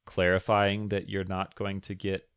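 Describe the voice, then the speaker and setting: Brief: male co-host, low gravelly voice with a bright edge, casual chat, reads letters, dry sound. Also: completely flat delivery, unhurried, dry recording. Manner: reads listener questions aloud, jokey. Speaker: podcast co-host.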